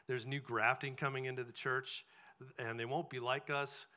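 A man's voice: mid-range voice, flat delivery, moderate pace, bright, forceful tone. A man preaching a sermon to a church congregation in a conversational style, often checking in with a rhetorical "right?". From farming background.

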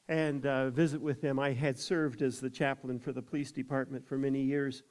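An older man with a fairly high-pitched voice tells a personal testimony. His delivery is folksy and conversational, and he slips into the voices of the people in his story. He speaks as a chaplain sharing faith experiences. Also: a little mellow. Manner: folksy, acts out others' quoted words. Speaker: chaplain and evangelist.

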